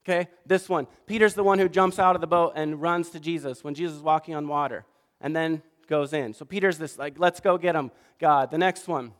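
A pastor giving a sermon, telling stories in an animated way and acting out the quoted voices. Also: male voice, a little high, a little fast, few pauses. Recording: long reverb of a large hall.

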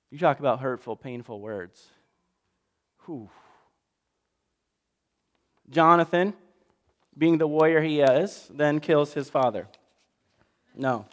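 Casual male pastor, slightly high, smooth voice, big reverb. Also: slow, long pauses. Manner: casual, jokey, swings from loud to hushed. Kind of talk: animated storytelling sermon.

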